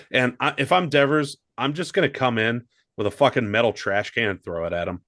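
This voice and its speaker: A man's voice: medium pitch, a little fast, few pauses, fairly bright tone, dry recording. Dry-voiced man cracking wry jokes. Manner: dry, wry, swears casually. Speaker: podcast co-host. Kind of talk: casual comedic chat.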